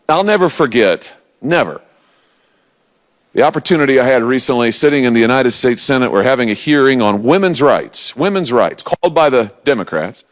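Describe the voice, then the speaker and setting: A man in his forties, a senator giving a political rally speech to a live audience, emphatic and rousing, with lots of repetition. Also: mid-range voice.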